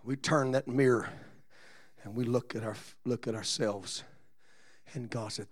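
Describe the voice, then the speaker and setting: A man preaching a Pentecostal sermon as pastor, moving from quiet, low-key musing to shouted, rhythmic exhortation punctuated with "uh.". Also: fairly even intonation, unhurried.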